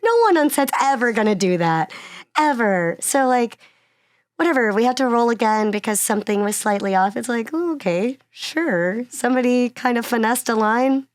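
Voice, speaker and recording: A woman from Miami, an actress guesting on an interview, telling stories in an animated, chatty way with frequent laughs. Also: on the high side, brisk, smooth, dry recording. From Miami, Florida. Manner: animated storyteller, laughs often between phrases; chatty, uses many fillers like "like" and "you know". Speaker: actress and singer-songwriter guest. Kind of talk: casual conversational interview.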